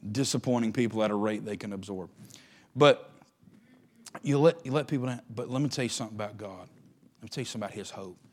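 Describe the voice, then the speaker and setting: A pastor preaching a sermon in a folksy, conversational way that builds to impassioned shouting. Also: male voice, lowish voice, fast, long pauses.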